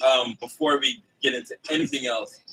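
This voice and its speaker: A man chatting casually as a podcast co-host, with a bright, forward tone. He sounds playful and teasing as he moves the conversation along. His voice sits a little back from the microphone. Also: medium pitch, steady tone, brisk, husky, distant mic, rough recording. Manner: playful, teasing, steers the talk to new topics. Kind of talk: casual chat.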